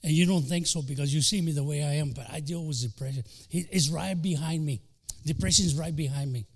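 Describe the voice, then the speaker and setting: Fervent pastor preaching, voice rising and falling. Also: male voice, on the high side, moderate pace, gravelly. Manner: fervent preaching with sudden shifts from loud to soft; acts out quoted voices, including the devil. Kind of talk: bilingual sermon.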